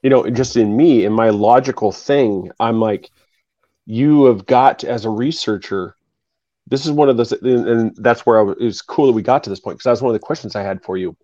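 A man's voice: mid-range voice, a little fast, dark tone, no echo, muffled recording. A man hosting a podcast, talking in a rambling way that keeps restarting. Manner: rambling, restarts and repeats himself. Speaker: podcast host. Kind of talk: casual chat.

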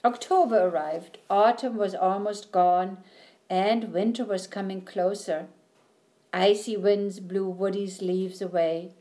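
A woman reading a children's storybook aloud in a gentle, measured way. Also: mid-range voice, fairly even intonation. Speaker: narrator.

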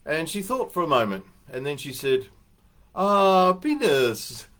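A man's voice: fairly high pitch, sing-song, a little fast, a bit bright. An older man giving a casual motivational morning talk, telling anecdotes and musing aloud with fillers as he goes.

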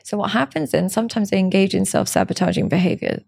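A woman's voice: medium pitch, wildly swooping pitch, fast, vocal fry, a little mellow, slightly rough. A woman, a relationship coach speaking as a podcast guest, telling stories in an earnest, emotional way. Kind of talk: candid podcast interview.

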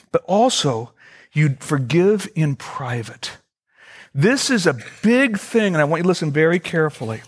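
A middle-aged male pastor preaching a sermon, earnest, slowly repeating key phrases for emphasis. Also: on the high side.

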